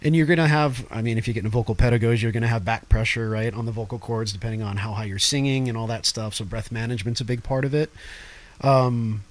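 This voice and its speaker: A man, the band's singer, talking casually as an interview guest, animated and quick to laugh. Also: mid-range voice. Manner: laughs often, animated and talkative. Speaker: band vocalist, guest.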